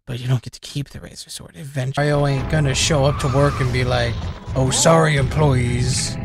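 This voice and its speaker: Over game music, a young man streams a video game and comments casually as he plays. He's rambling, jokey and profane, speaking in a mid-range voice with some vocal fry.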